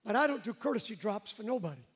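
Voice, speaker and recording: A pastor with a high, husky voice preaches to his congregation in church. He tells his story casually and pokes fun at himself, breaking off now and then to ask the crowd whether they follow him. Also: sing-song, fast. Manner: conversational, self-mocking, addresses the congregation directly. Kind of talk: storytelling sermon.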